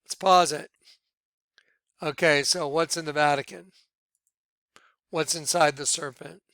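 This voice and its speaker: A man leading a ministry, talking viewers through images on his screen in an excitable, repetitive way. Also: fairly high pitch, unhurried, dry recording. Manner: excitable, repeats himself, points things out to viewers. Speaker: ministry leader presenting on screen. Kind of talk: screen-share commentary.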